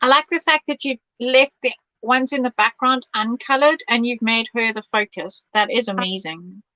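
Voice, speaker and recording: A woman's voice: fairly high pitch, normal speed, sharp tone, no room sound, muffled recording. A woman hosting a live craft stream, reading viewer comments aloud, enthusiastic and teasing. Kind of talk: casual live-stream chat.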